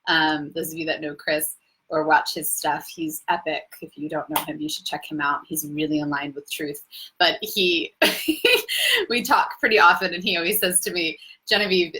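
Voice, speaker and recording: Young woman coach chatting on a livestream, bright tense voice, effusive and spiritual. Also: deep voice, sing-song, moderate pace, slightly rough, rough recording. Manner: effusive and spiritual, laughs easily. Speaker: coach hosting a live Q&A. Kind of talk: casual live-stream talk.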